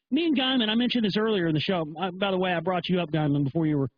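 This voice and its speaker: A man's voice: high voice, racing, highs cut off, a little hiss or hum. A man hosting a live internet talk show, delivering a profane, emphatic, heated rant. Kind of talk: ranting monologue.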